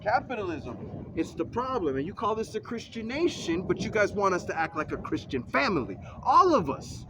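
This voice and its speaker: A man's voice: high voice, big pitch swings, moderate pace, noisy background. A man ranting argumentatively in a casual vlog, recorded in a vehicle.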